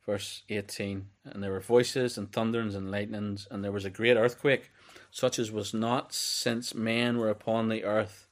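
A man teaching through a book of the Bible in a loose, conversational way. He reads scripture aloud with a slightly low voice and carries on with easy restarts. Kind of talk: conversational sermon.

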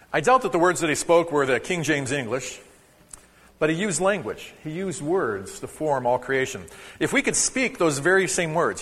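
Guy preaching in a church, kinda high voice, chatty and jokey with the crowd, big echo. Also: a bit bright, breathy edge. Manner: conversational, joking with the congregation. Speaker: pastor. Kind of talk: sermon. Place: church sanctuary.

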